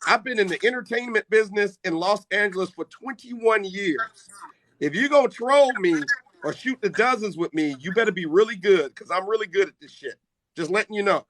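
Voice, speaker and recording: A man's voice: high-pitched, animated, normal speed, bright, forceful tone, no echo. A middle-aged man hosting a casual live chat, talking brash and boastful. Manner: brash, boastful trash talk. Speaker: live stream host.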